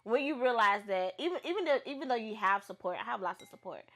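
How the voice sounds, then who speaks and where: Podcast co-host, young adult woman, bright tone, lively storyteller, casual chat. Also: on the high side, fast talker. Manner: animated storyteller, bursts of laughter.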